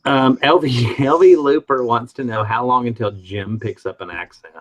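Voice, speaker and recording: Speaking at a moderate pace in a medium pitch, this man from the U.S. Midwest runs a relaxed live stream, restarting his stories again and again and reading viewer comments aloud. The audio is poor.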